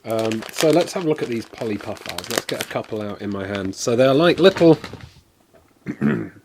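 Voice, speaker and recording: A man's voice: mid-range voice, animated, moderate pace, very noisy. A man chatting on a live stream as he tastes and reviews sweets, rambling and poking fun at himself. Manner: chatty and self-deprecating, rambling with fillers. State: coughing, something went down the wrong way.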